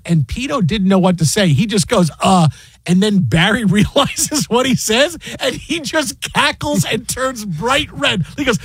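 Middle-aged man, sports radio host, high voice, rambling anecdote, dry studio sound. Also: normal speed, slightly rough, no echo, rough recording. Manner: rambling storyteller, lots of "like" and "you know". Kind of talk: sports talk radio chat.

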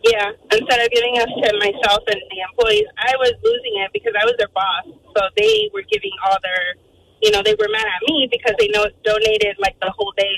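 A woman calling in to a radio show, telling a story with lively quoted voices. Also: on the high side, brisk, vocal fry, a little hiss or hum, rough recording. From Arizona, USA. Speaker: caller.

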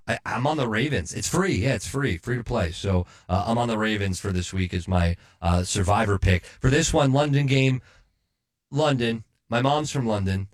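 A man's voice: on the low side, lively intonation, normal speed, hardly any pauses. A man co-hosting a sports betting podcast, chatting casually in a rambling, self-deprecating way with frequent restarts.

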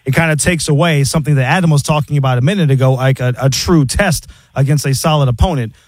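A man co-hosting a sports talk radio show, talking briskly and conversationally. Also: mid-range voice, dry recording. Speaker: radio co-host.

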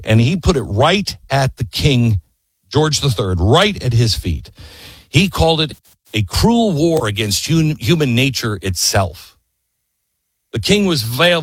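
Man, husky voice, animated pitch, impassioned history storytelling, rhetorical questions, dry recording. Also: dry recording. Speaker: history commentator.

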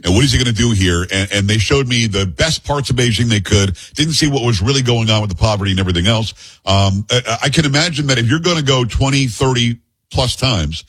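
A man hosting a radio interview show, asking quick, pointed questions. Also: medium pitch, fairly bright tone, slightly rough, no echo, rough recording. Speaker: talk show host.

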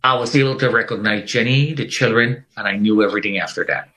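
A man's voice: fairly low pitch, fast, pushed and bright, low-quality recording. A middle-aged man telling his life story in conversation, earnest and emphatic, repeating phrases for weight. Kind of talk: personal testimony in conversation.

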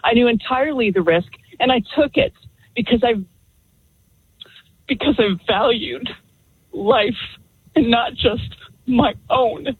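A woman calling a radio show over a tinny phone line. Her voice is somewhat husky, and she speaks earnestly, stressing her points firmly. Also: on the high side, a little slow, long pauses. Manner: earnest and emphatic. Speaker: caller. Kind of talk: call-in radio talk. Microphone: telephone.

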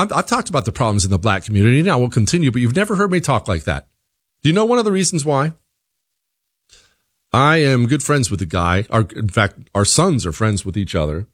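A middle-aged man delivering an opinion monologue as a commentator, animated and leaping up in pitch when he quotes others. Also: dry recording, studio quality. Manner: animated, jumps high in pitch for quoted voices.

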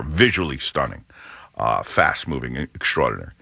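Man, middle-aged, low and bright voice, rambling radio host, dry close mic. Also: sing-song, normal speed, creaky, no echo. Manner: rambling with frequent restarts and fillers. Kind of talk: casual radio talk.

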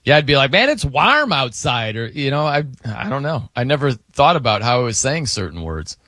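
Man, radio host, bright tone, animated pitch, chatty and laughing, dry studio sound. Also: a little fast, dry recording. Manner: chatty, laughing, mimics how people say words. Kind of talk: casual on-air banter.

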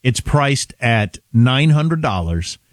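A man's voice: mid-range voice, very animated, slow pace, dry recording, studio quality. A middle-aged man co-hosting a talk radio show, telling stories casually and laughing often.

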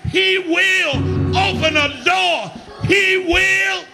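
A middle-aged male pastor delivering an impassioned sermon, swinging from quiet storytelling to shouted calls for the congregation to respond. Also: very high voice, drawn-out words, creaky, over loud music.

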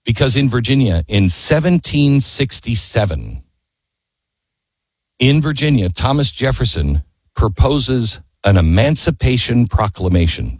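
Guy telling history with a lot of punch, voice swings up and down, a little husky, dry close sound. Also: medium pitch, no echo. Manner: emphatic storytelling, with quoted voices and rhetorical questions. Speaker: speaker. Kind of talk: impassioned history talk.

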